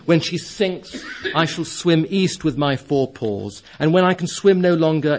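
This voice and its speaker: Man reading as noble mouse knight, resolute, plain voice not squeaky. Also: a little mellow, lightly acted. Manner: stately, resolute. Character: brave small talking mouse knight, noble and determined.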